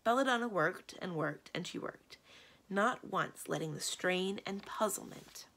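A woman librarian reads a children's story aloud with lively, expressive storytelling. Her voice sits a little low with a gravelly texture. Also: measured pace. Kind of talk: children's book read-aloud.

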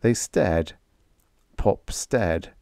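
Expressive low-voiced male storyteller. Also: extremely slow, creaky, dry recording, clean studio sound. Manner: hard-boiled, expressive. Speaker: audiobook narrator. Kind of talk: first-person story narration.

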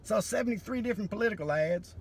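A man doing a profane, sardonic comedy monologue that breaks into sudden loud bursts. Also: high voice, fast talker, breathy edge.

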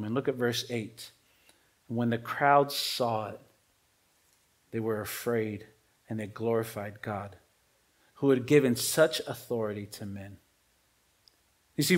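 A male pastor preaching a sermon in a casual, conversational way with everyday slang. He swings between emphatic rises and quiet, trailing drops. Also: mid-range voice.

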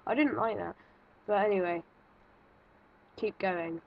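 A woman's voice: mid-range voice, measured pace, gravelly, narrow, tinny audio. A woman giving nervous, jumpy let's-play commentary, thinking aloud and exclaiming as she plays. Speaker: gaming video creator.

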